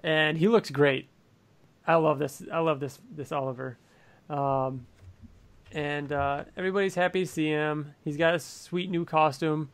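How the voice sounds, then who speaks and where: A man co-hosting a podcast, chatting casually and eagerly about a comic. His voice sits a little high, and he laughs easily and fills pauses with "um" and "uh.". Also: fairly even intonation, smooth. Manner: enthusiastic, laughs often, many fillers. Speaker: podcast co-host. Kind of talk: casual comic book discussion.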